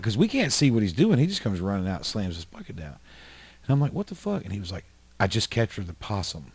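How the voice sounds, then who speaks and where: A man from upstate New York, hosting a podcast and telling animated, profane stories in casual chat. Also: low-pitched, slightly rough. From Highland, New York. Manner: animated storyteller, swears freely. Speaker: podcast host.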